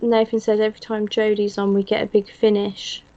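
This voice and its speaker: A woman's voice: mid-range voice, monotone, fairly quick, warm tone. A woman from England co-hosting a live watch-along in casual chat, giggling and reading out viewer comments. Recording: slightly muffled stream audio.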